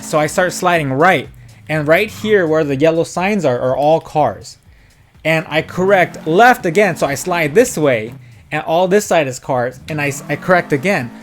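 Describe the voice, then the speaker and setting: A young man telling a story in a casual, rambling way while he streams a driving game, full of fillers and quoted dialogue. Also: fairly high pitch. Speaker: gaming streamer.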